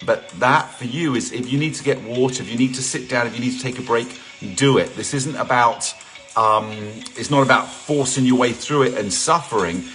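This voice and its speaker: A man's voice: medium pitch, moderate pace, a bit bright. Upbeat chatty man from England. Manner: upbeat, chatty, greets viewers by name, jokes. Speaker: fitness instructor hosting a live session. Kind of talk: casual live-stream talk to viewers. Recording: faint music in the background.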